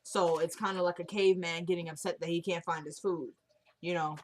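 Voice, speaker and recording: A woman's voice: on the low side, fairly even intonation, a little fast. A woman casually recapping a TV drama episode, chatting and acting out the characters' lines as she retells them.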